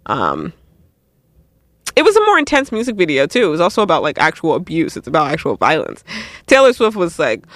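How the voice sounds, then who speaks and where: Animated high-voiced young man. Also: brisk, no echo, clean studio sound. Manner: animated, laughs often, self-interrupting. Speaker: music video reviewer. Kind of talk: casual commentary.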